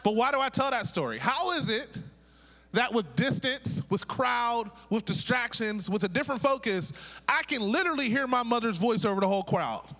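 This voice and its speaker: A man's voice: very high voice, normal speed. A middle-aged man from Pittsburgh preaching a sermon as a pastor and prophet, joking and calling on the congregation to repeat after him. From Pittsburgh, USA. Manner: lively, joking, calls on the congregation to repeat words. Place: church sanctuary. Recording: echoey hall reverb.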